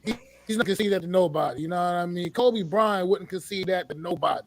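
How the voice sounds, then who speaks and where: A young man with a high voice makes his case in a casual sports chat. He stumbles and repeats words, then speeds up when his point lands. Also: fast. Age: young adult. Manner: stammering, animated when making a point. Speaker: podcast co-host.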